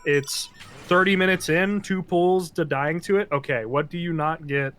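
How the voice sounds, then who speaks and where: A man chatting casually with friends while playing an online game, animated and quick to swear and laugh. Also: fairly high pitch. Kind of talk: casual gaming chat.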